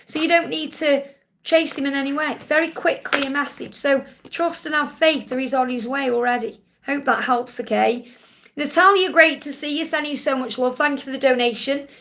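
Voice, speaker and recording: A woman's voice: high voice, brisk, fairly bright tone. A woman reading tarot cards live for viewers' questions, reassuring and often checking in with "okay?". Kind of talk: live-stream Q&A card reading.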